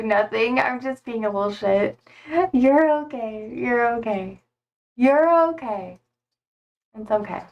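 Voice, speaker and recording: Young woman on stream, kinda high voice, laughs a lot and swears, rambly chat with her viewers. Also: gravelly, lo-fi sound. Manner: chatty, laughs often, swears casually, talks to chat. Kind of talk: casual live-stream chat. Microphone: streaming setup.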